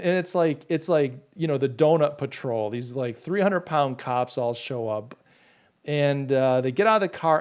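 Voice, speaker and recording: Rambling, indignant male podcast host. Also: a little high. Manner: rambling, indignant, many restarts and fillers; reads and answers chat comments. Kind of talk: casual live commentary.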